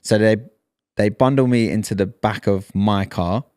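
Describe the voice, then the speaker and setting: Man in his thirties, deeper voice, dry close sound, animated storyteller, podcast co-host. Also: moderate pace, no echo. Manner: animated storyteller, acts out quoted lines. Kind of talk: casual storytelling chat.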